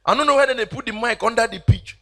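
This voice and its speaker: Nigerian man, stand-up comic, high voice, bright and forceful, animated, handheld mic. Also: fast. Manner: animated, mixing Pidgin, mimicking people. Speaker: stand-up comedian. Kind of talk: stand-up comedy. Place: church event stage.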